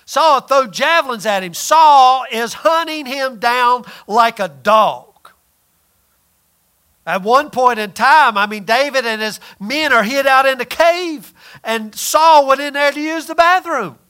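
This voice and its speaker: A man pastor preaching a sermon, swinging between loud emphatic lines and hushed, near-whispered ones. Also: extremely high pitch, a little slow, clear, resonant tone.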